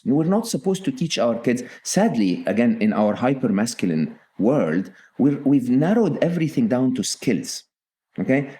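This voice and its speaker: Earnest middle-aged man with mellow voice. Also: mid-range voice. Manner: earnest, often checks in with "okay?". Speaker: guest author. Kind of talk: podcast interview.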